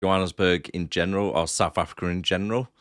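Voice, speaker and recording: A man's voice: low voice, fairly even intonation, fast talker, dry recording, clean studio sound. A man co-hosting a casual movie podcast, full of banter and wisecracks. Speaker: podcast co-host.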